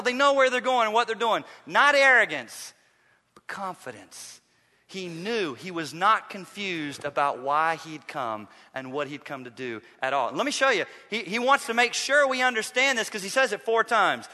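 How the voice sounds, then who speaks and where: A man preaching a sermon as pastor, swinging from quiet pleading to loud emphatic bursts. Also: high voice, big-room sound. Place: church sanctuary.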